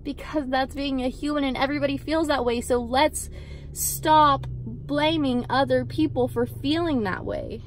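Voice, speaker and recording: Young woman, high voice, vlogger, blunt motivational talk, emphatic and repetitive, casual swearing, outdoors. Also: fairly even intonation, unhurried, a little hiss or hum. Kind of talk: motivational pep talk to camera.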